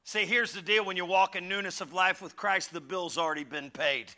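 A middle-aged man preaching a conversational sermon with humorous stories, animated, moving from loud calls to hushed asides. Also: sits high, fairly quick. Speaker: pastor.

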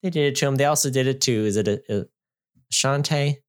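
A man co-hosting a casual movie review podcast, jokey and animated, often laughing and dropping to low mutters. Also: quick pace. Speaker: podcast co-host.

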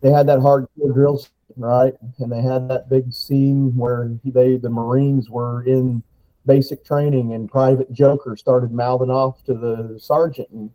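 A man, a veterinarian, speaking as a podcast guest in a halting way, repeating words as he tells stories. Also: medium pitch, flat delivery, warm tone, no room sound, rough recording. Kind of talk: casual podcast interview.

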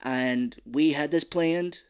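A man co-hosting a podcast in casual chat, animated and quick to slip into voices while retelling scenes. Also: a little high, clean tone. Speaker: podcast co-host.

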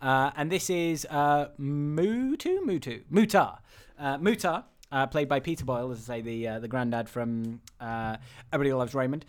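A man's voice: mid-range voice, expressive, normal speed, clean tone. A young man co-hosting a casual film chat, rambling with lots of restarts and frequent laughter. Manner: rambling, laughs often, many restarts and fillers. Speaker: podcast co-host.

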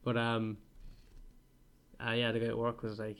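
A man chats casually on a podcast. He has a gravelly, creaky voice at an ordinary pitch, and his delivery is dry and sarcastic. He keeps a straight face while saying absurd things. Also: measured pace. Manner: deadpan, sarcastic joking. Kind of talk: casual chat.

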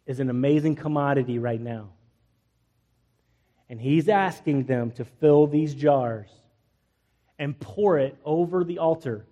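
A man preaching a sermon as pastor, humorous and animated, laughing often. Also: a little high, unhurried, long pauses, dull audio. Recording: long hall reverb.

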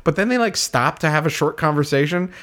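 A man co-hosting a casual podcast chat, animated and laughing often as he talks. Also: a little high, brisk. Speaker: podcast co-host.

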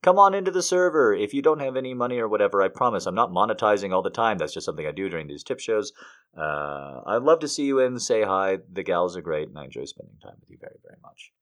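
Guy hosting a podcast, rambly and sidetracked, super lively voice, bright and forceful tone. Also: on the low side, fast. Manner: animated, swearing asides. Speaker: podcast host. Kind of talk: poetry reading and casual chat.

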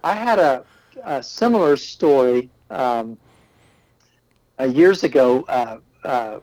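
Pastor telling stories. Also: male voice, mid-range voice, takes it slowly, no echo, low-quality recording. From Austin, Texas. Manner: animated storyteller who acts out quotes. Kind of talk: casual storytelling chat.

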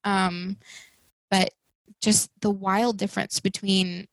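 Gravelly-voiced woman telling stories animatedly. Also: mid-range voice, slow pace, no room sound, poor audio. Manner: animated storytelling, acts out quoted people in raised voices. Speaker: guest sharing her birth stories. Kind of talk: casual podcast conversation.

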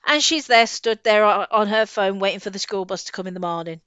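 A woman co-hosting a casual book discussion, chatty and quick to laugh, often trailing off and restarting. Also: medium pitch, a bit bright, smooth, dry recording. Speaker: podcast co-host. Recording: slightly dull lo-fi audio.

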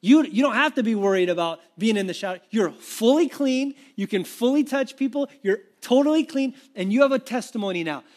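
A man voicing an earnest, gentle male teacher who reassures someone in casual modern phrasing. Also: very high-pitched, expressive, brisk, few pauses, voice pushed up. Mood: reassuring.

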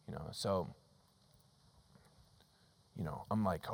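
A middle-aged man preaching a sermon as a pastor. He tells a story and moves between loud, emphatic lines and hushed ones. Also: low voice, steady tone, slow pace. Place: church sanctuary. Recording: long reverb of a church hall.

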